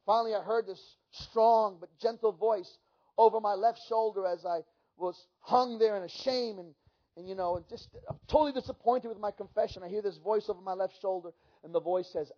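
Fervent high-voiced male preacher, lo-fi. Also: steady tone, a little fast. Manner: fervent, dramatic storytelling with many restarts. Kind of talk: sermon testimony.

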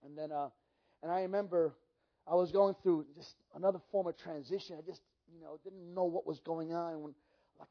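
A man telling stories in a sermon as a pastor, animated and acting out the dialogue himself. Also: sits high, a little fast. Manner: animated, acts out quoted dialogue. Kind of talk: storytelling sermon. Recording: dull lo-fi recording.

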